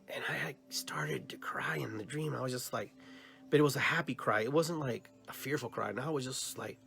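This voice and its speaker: A man hosting a podcast, telling a long personal dream story at a middle pitch. He acts out the dialogue with lively shifts, trails off with restarts now and then, and faint music sits behind him. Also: fairly quick, vocal fry. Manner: animated retelling, acts out both sides of dialogues. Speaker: podcast host.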